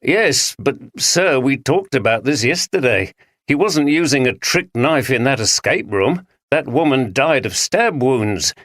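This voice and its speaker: A man's voice: medium pitch, animated, measured pace, fairly bright tone, no room sound, studio quality. A man reading an audiobook voices a sleepy, puzzled young detective sergeant who speaks deferentially. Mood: patient. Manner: deferential, confused.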